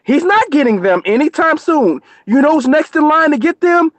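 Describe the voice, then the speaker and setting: A man's voice: very high voice, sing-song, normal speed, dry recording. An American man co-hosting a boxing live stream, ranting angrily and cursing nonstop. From United States. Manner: profane, angry, ranting. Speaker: co-host on a boxing show. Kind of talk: heated live-stream rant.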